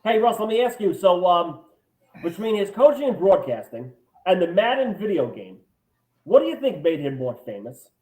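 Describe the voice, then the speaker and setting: High voiced podcast guy, super animated, roomy echo on the mic. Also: normal speed. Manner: lively, chatty, eager to chime in. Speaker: podcast co-host. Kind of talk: casual chat. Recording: echoey room.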